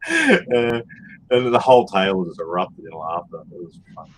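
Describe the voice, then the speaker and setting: A man's voice: deep voice, wildly swooping pitch, normal speed, fairly bright tone, slight background noise. A man hosting a reselling livestream, chatting casually and telling rambling stories full of fillers and restarts. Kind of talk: casual chat during a livestream.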